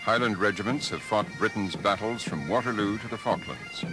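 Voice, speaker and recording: A man giving measured, deliberate scripted documentary narration. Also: lowish voice, loud music behind the voice, rough recording.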